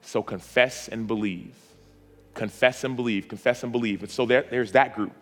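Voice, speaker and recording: A man's voice: mid-range voice, fairly even intonation, normal speed, faint music behind. A man preaching an altar call in a church auditorium, with a repetitive, pleading cadence.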